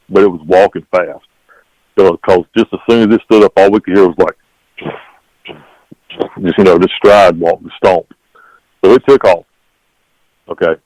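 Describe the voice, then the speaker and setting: A man's voice: low-pitched, a little mellow, no room sound, rough recording. A man, a guest telling his encounter story in a rambling, repetitive way. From North Carolina. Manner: rambling, repeats "literally" and "okay?".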